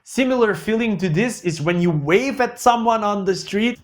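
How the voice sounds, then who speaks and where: A man hosting a comedic monologue show, animated, with a Macedonian accent, swinging between loud outbursts and mock-sad mumbling. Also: sits high, normal speed.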